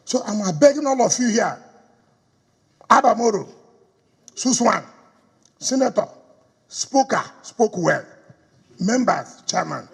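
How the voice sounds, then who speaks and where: Nigerian man, middle-aged, fiery political speech, very gravelly, husky, lively swinging pitch. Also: slow, pauses often. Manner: combative, rhetorical questions, switches into pidgin. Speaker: politician addressing party stakeholders. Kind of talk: campaign speech. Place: government house hall. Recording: echoey hall recording.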